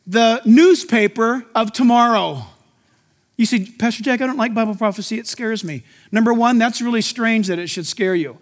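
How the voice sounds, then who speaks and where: A man's voice: very high voice, fairly bright tone, in a large hall. A male pastor preaching an emphatic sermon to his congregation in a church.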